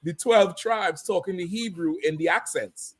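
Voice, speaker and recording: A man's voice: high voice, moderate pace, a bit bright, breathy edge. Laughing man hosting a loose chat show. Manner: loose, laughing, swears freely. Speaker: host. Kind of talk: casual chat on a live show.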